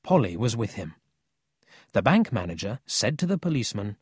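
A man narrating a children's audiobook in a scripted, expressive storytelling manner. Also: on the low side, moderate pace, husky, dry recording, studio quality.

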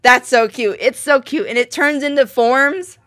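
A woman's voice: sits high, a little slow, a bit bright. A young woman hosting a reaction video, chatting casually and breaking into shrieks and laughs.

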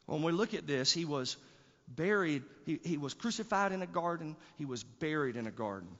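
A man's voice: a little high, lively intonation, normal speed. A male pastor preaching a sermon, emphatic, with rising bursts and repeated words. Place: church sanctuary. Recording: church hall reverb, dull lo-fi sound.

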